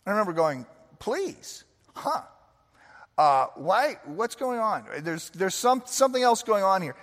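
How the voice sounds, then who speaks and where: A man's voice: high voice, big pitch swings, normal speed, a bit bright. A man preaching a sermon, earnest and conversational, telling stories with frequent restarts. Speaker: pastor. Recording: long hall reverb.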